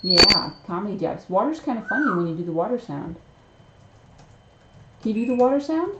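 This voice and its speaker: A woman's voice: medium pitch, very animated, brisk, fairly bright tone. A woman hosting a live stream, coaxing her pet bird in sing-song baby talk. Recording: roomy, slightly muffled home recording.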